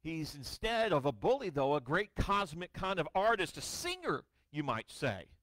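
Male pastor, sermon; high and very expressive, booming then hushed, dramatic scripture reading. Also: moderate pace, dry recording. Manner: storytelling with wry asides. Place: church sanctuary.

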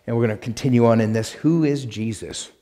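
A male pastor preaching a sermon and reading scripture aloud, emphatic, swinging between loud punched lines and quiet asides. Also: mid-range voice, brisk, in a large hall. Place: church sanctuary.

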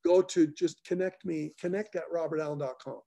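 A man's voice: a little high, fairly quick, creaky, mellow. A man hosting a live group call, talking loosely with repeated restarts, heard over a video call. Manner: loose and repetitive, restarts phrases. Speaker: host of a call-in show.

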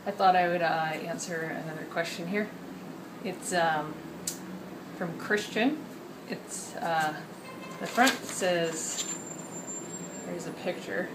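A woman who writes children's books talks casually to the camera in a chatty, rambling way, full of ums and uhs. Her voice is on the low side, and the recording is very noisy.

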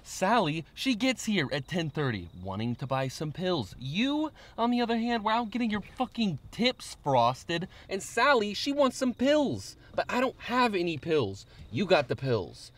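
A man's voice: sits high, sing-song, a little slow, hardly any pauses, fairly bright tone, exaggerated voice. A young man playing a paranoid, bossy small-time dealer in a comedy sketch, with a put-on New York accent and a profane way of talking. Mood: irritated. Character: paranoid young male dealer with a fake Long Island accent.

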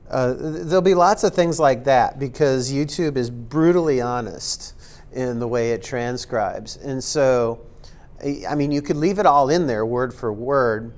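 A man's voice: medium pitch, a little slow. Guy explaining stuff in a loose tutorial, tons of ums and likes, kinda jokey and self-aware. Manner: rambling and filler-heavy, many ums and likes. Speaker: instructor. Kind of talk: casual screen-recorded tutorial talk.

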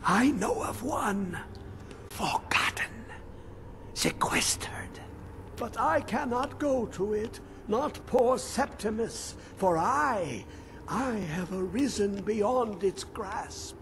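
A rambling, half-mad old hermit scholar from a fantasy video game, his high voice swooping up and down as he drawls out riddles. He drifts between grand pronouncements and hushed whispers, always cryptic. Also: animated, takes it slowly, slight background noise, heavily acted. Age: older.

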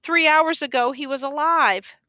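A woman narrator voices a bereaved older farmer in this audiobook, his questions short and dazed. The voice stays bright and fairly high, close and dry. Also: dry recording. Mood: shaken, dazed. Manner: stunned, halting questions. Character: grieving older white farmer father, man.

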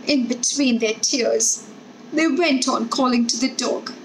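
A woman reads a children's story aloud at a slow, careful pace. Her voice sits a little high, and she is expressive. A faint hiss sits under the recording. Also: low-quality recording. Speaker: story reader.

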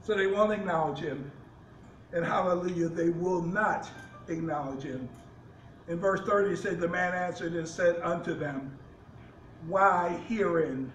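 A man's voice: high voice, normal speed, echoey room, recorded from a distance, slight background noise, rough recording. A man, a pastor, preaching a sermon with rising fervor and repeated restarts.

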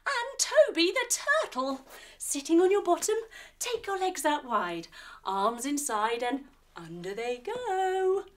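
A woman telling a guided yoga story for children, playful and animated with sound effects. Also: high voice, slow. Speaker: kids' yoga instructor and storyteller.

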